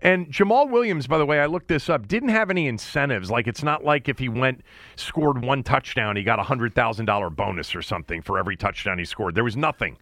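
This podcast co-host, a man on a laid-back sports show, is opinionated and blunt, curses a lot, and often starts sentences over. He talks briskly with lively intonation in a medium-pitched, slightly bright voice, and the studio sound is clean and dry.

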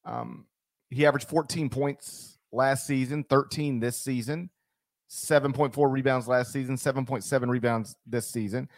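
A man's voice: mid-range voice, fairly even intonation, normal speed, no room sound. A man hosting a sports podcast, talking casually and animatedly with frequent ums. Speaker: podcast host.

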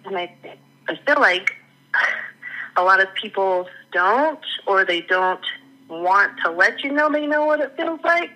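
A woman's voice: medium pitch, expressive, unhurried, bright, forceful tone, rough recording. A woman who is a guest on the podcast, talking candidly and laughing often in a casual interview. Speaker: podcast guest, former coaching client.

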